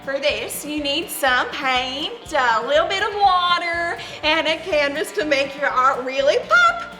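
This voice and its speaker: A woman playing a bubbly young art teacher who explains painting in a slow, sing-song way. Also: high-pitched, big pitch swings, pushed and bright, full character voice. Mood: cheerful. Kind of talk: amateur stage skit. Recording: echoey room with faint music.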